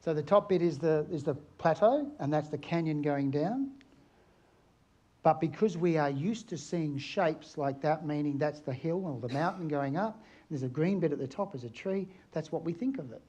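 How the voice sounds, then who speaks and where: A middle-aged man from Australia speaks at a photography conference, an aerial photographer telling stories. His voice sits a little high, and his manner is chatty and anecdotal, turning to the audience with questions. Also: expressive, normal speed, dark tone. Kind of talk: conference talk to a live audience.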